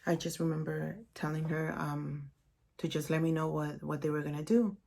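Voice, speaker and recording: A young woman recounts a painful memory to her vlog audience, her words halting and emotional, with many "like"s and "um"s. Her voice sits low and barely rises or falls, with a gravelly fry running through it. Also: fairly even intonation, darkish tone. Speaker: vlogger. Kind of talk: personal storytime vlog.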